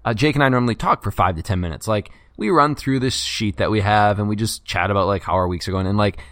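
A man with a fairly low voice hosts a casual sports podcast. He reads listener write-ins at a quick clip and teases his co-host in a loose, joking way. The recording is close and dry, with no room sound. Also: fairly bright tone, no room sound.

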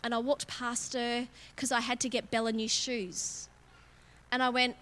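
Bright-voiced woman preaching. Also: fairly high pitch, steady tone, normal speed. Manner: candid, self-mocking, laughs often. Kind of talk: conversational sermon. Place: church auditorium.

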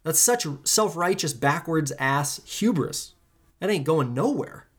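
A podcast host delivering an impassioned solo monologue, emphatic and preachy. The host repeats phrases for effect, swears casually, and swings widely in pitch and pace between lines. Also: lively intonation, a little slow.

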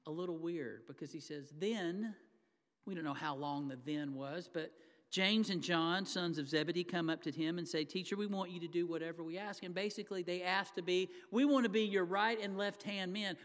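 A man with a fairly bright voice on the high side preaches a sermon as pastor in a church sanctuary. He talks conversationally to the congregation and acts out the lines he quotes. A long hall reverb fills the recording.

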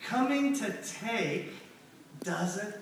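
A middle-aged male preacher with a high voice, talking through his sermon in a loose, chatty way and checking in with the listeners as he goes. He sounds far from the microphone in a very echoey church hall, with the congregation audible around him. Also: lively intonation, extremely slow, a crowd in the background. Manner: conversational, asks the room for responses.

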